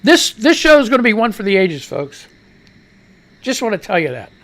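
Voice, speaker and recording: A man's voice: high voice, very animated, normal speed, a bit bright. A middle-aged American man hosting a live radio news show, rambling and profane, talking back to himself as he reads the news. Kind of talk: casual live-stream news commentary.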